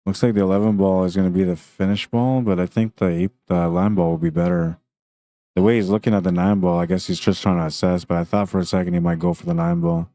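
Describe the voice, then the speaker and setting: At the tournament venue, a low-voiced man calls a pool tournament stream live, speaking quickly. Relaxed and chatty, he laughs often and reads viewer comments between shots.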